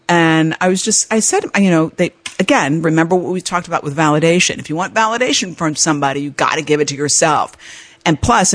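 Animated woman podcaster telling a story. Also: deep voice, no room sound. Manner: emotional, animated, with laughs and restarts. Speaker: podcast host. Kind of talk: personal storytelling monologue.

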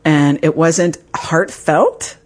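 A woman's voice: sits low, very slow. A woman hosting a podcast, talking frankly and laughing at herself, with the odd swear word. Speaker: podcast host. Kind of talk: candid conversational podcast talk.

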